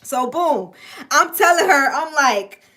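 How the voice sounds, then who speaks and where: A young woman telling a casual, profane story to her viewers, animated and streetwise. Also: high-pitched, takes it slowly. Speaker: tarot reader and channel host.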